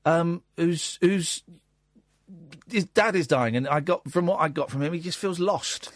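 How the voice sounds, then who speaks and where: A man hosting a late-night radio phone-in, talking in a rambling, halting way full of fillers. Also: a little high, no room sound, clean studio sound. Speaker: radio host. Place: radio studio.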